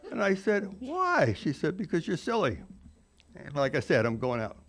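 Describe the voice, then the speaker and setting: A man's voice: on the high side, very animated, normal speed, a little hiss or hum. A man in his forties telling a rambling, self-mocking personal recovery story, full of "you know" asides. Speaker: recovery speaker.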